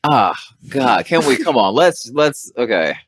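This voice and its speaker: A man in casual podcast banter, his pitch rising and falling as he tells stories. He jokes around and drops into quick mock voices. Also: no room sound, clean studio sound. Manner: animated, jokey, slips into mock voices. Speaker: comedian guest.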